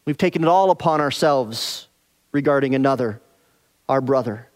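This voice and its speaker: A man preaching an expository sermon, earnest, dropping soft and slow on key phrases. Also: mid-range voice. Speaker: pastor.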